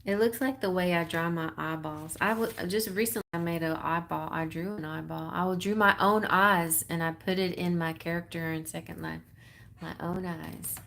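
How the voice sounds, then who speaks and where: A woman's voice: lowish voice, fairly even intonation, moderate pace, gravelly, fairly bright tone. A woman with a Texas accent hosting a live tarot stream, chatting casually in a rambling way, full of fillers and frequent laughs.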